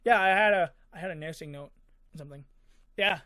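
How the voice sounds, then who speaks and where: A man with a high voice tells a story in a loose, rambling way, full of fillers and small sound effects. He is recorded close and dry, with no room sound. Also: fast, sharp tone, dry recording. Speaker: vlogger. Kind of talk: casual storytelling.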